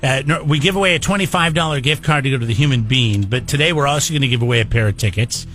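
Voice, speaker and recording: A man hosting a radio morning show, running a call-in game in casual banter with frequent halting restarts. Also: medium pitch, a bit bright. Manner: halting, restarts often, playful. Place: radio studio.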